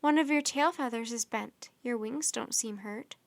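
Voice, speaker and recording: A woman reading as a gentle animal-loving young girl. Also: a little high, normal speed, creaky, no room sound. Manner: gentle, soft-spoken. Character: kind, curious young girl who talks to animals.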